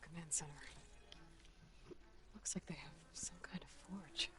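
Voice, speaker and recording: An actress voicing a resolute young woman hunter in a video game, speaking in a low-key, terse manner. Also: a little slow, sharp tone, whispered, exaggerated voice. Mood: calm, focused. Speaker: game protagonist. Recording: game audio with clear background noise.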